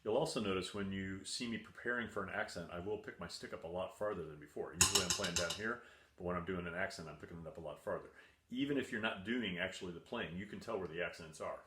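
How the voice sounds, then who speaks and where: A man's voice: deep voice, fast talker, roomy sound, heavy background noise. A man teaching percussion from home, patiently repeating instructions and counting beats aloud. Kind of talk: home video music lesson for children. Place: room at home. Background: faint drumming on a table and books.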